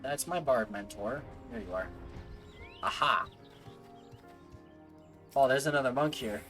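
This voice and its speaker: A man's voice: medium pitch, unhurried, bright, forceful tone, faint music behind. A man streaming a game, joking and playful, with asides to himself. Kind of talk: casual gameplay commentary.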